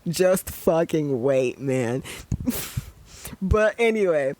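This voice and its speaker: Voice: mid-range voice, expressive, extremely slow, darkish tone, dry recording. A young adult podcast host giving casual commentary on a show, ranting in a profane, exasperated way.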